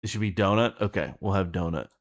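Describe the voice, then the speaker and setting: A man casually thinking out loud while planning a scene, rambling and halting, with frequent swearing. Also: deep voice. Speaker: streamer writing an animation script.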